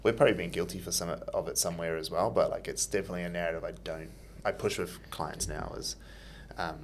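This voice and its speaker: Deep gravelly podcast host, a man. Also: fairly even intonation, fast talker, a little hiss or hum. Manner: loose, filler-heavy questions with many restarts. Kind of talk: casual interview chat.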